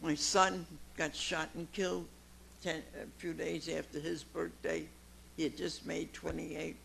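Gravelly-voiced woman in her nineties. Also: low voice, little pitch movement, a little slow, a little hiss or hum. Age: 90s. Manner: emphatic, swings from quiet to loud exclamations. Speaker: recovery meeting speaker. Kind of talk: personal testimony to a meeting.

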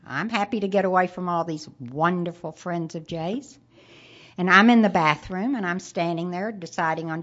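A woman giving a personal testimony, telling it in an animated, wry way. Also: lowish voice. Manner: animated, wry storytelling with dramatic pauses. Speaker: recovery meeting speaker. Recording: slightly muffled lo-fi recording.

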